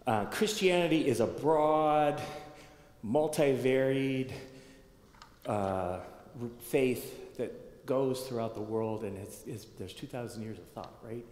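In a church sanctuary, a pastor gives a conversational teaching sermon, thinking aloud, restarting phrases, and checking in with his congregation. His mid-range voice is slow with a darkish tone. The echoey hall gives the recording a long reverb.

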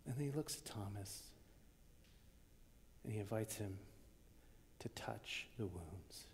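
Gravelly-voiced preacher in a reverberant hall. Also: male voice, fairly low pitch, animated, takes it slowly, slight background noise. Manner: dramatic swings from loud to hushed whispers. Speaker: pastor. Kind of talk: sermon.

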